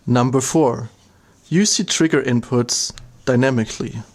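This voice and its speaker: A man's voice: mid-range voice, a little slow, music in the background. A man narrating an instructional demo, walking through each step in a plain, methodical way. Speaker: product demonstrator.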